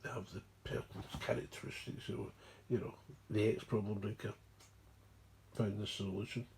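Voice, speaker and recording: A man's voice: lowish voice, wildly swooping pitch, normal speed, gravelly, darkish tone, breathy edge. A Scottish man, mumbling and digressive, explaining a recovery program in a rambling way. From Scotland. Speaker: recovery speaker.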